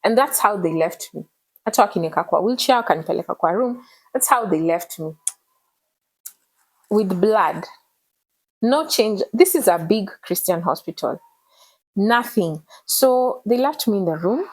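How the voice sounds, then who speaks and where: A woman, telling her personal story in an emotional, animated way as an interview guest. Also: medium pitch, normal speed, long pauses, husky, rough recording. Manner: earnest, animated retelling with code-switching.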